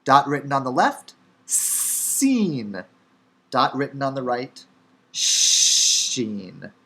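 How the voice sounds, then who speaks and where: A man's voice: mid-range voice, little pitch movement, a little fast, fairly bright tone. A man with a Chicago accent teaching the Hebrew alphabet in a casual, wry lecture with frequent fillers. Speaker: Hebrew instructor. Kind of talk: recorded lecture.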